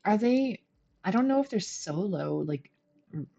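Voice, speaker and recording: A woman's voice: medium pitch, lively intonation, measured pace, creaky, mellow, dull audio. A middle-aged woman streaming a game from home, chatting casually, laughing often and poking fun at herself. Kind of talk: casual gameplay commentary.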